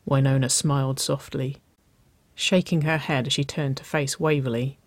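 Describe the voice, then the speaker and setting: A narrator reading a story aloud in a slow, measured way. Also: medium pitch, little pitch movement, no echo.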